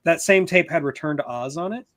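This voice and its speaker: A man's voice: a little high, a little fast, a bit bright, no room sound, studio quality. A man chatting casually about movies he watched as a kid, laughing often. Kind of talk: casual chat.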